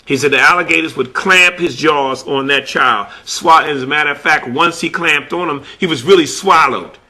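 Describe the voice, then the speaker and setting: A man's voice: fairly high pitch, normal speed, sharp tone. A man telling a story about a conversation he had while collecting artifacts, repeating "he said" as he retells it. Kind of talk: spoken storytelling.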